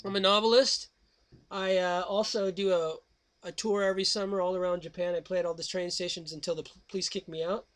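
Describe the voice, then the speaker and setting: A man's voice: high-pitched, steady tone, fairly quick, a bit bright. A man hosting a call-in radio show, chatting in a rambling, scatterbrained way and breaking into snatches of song. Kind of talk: casual call-in radio chat.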